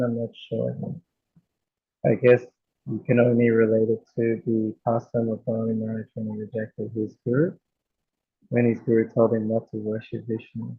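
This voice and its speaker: A man's voice: medium pitch, level tone, moderate pace, gravelly, slightly rough, dry recording. A man from Australia sharing a story in a casual class discussion, rambling loosely with lots of filler words. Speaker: devotee sharing experience. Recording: slightly dull lo-fi audio.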